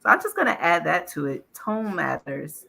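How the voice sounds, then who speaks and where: A woman with a very bright, sharp voice joins a panel discussion. She speaks thoughtfully and leans on key words as she adds her point. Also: fairly low pitch, big pitch swings, moderate pace, vocal fry, husky.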